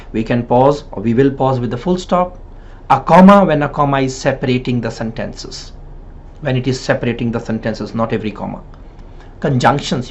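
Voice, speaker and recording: Here a PTE and IELTS trainer talks through an exam-coaching lesson in a mid-range voice with a mellow edge. His Hindi-man coaching delivery is emphatic, full of repeated points and the tag "right?", captured on slightly dull lo-fi audio.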